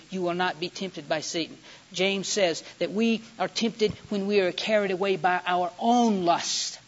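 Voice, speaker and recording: Male preacher, high voice, folksy and emphatic, muffled recording. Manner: folksy storytelling, building to emphatic climaxes. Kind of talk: sermon. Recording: dull lo-fi sound.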